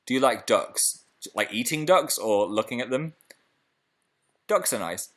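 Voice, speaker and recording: A man's voice: mid-range voice, lively intonation, unhurried. A young British man hosting a casual live stream, chatting playfully and reading out viewer comments. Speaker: livestream host.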